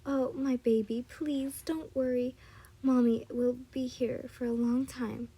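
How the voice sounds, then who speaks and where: A woman's voice: high-pitched, fairly even intonation, slow pace, dark tone, husky, exaggerated voice. A woman voicing a protective young mother, soothing her child, in a read-aloud fan story.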